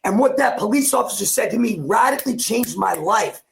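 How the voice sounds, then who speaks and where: Gravelly intense man telling his story. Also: sits high, animated, a little fast. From New Jersey. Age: 40s. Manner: intense, repetitive, acts out quoted lines. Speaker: guest, performance coach. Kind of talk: emotional personal storytelling.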